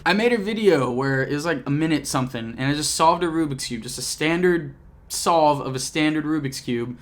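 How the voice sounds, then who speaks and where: A young YouTuber records a casual vlog recap on a camcorder in his home apartment, rambling, joking, and often cutting himself off mid-sentence. His voice is on the high side, with lively intonation and a slightly fast pace.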